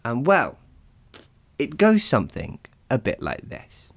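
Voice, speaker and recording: A man's voice: mid-range voice, wildly swooping pitch, slow pace, gravelly, husky. A man hosting a casual solo podcast, chatty and rambling, laughing often and poking fun at himself. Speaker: podcast host.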